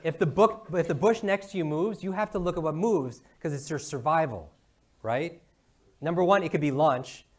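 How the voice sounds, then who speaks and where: A man giving an energetic motivational talk, asking the audience one question after another. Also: fairly high pitch, normal speed. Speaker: brain coach giving a talk.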